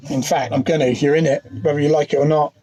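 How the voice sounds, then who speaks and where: A man's voice: on the high side, steady tone, fast talker, mellow. A man hosting a casual pub quiz livestream from inside his van, talking into his phone and greeting viewers by name. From United Kingdom. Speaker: quiz host.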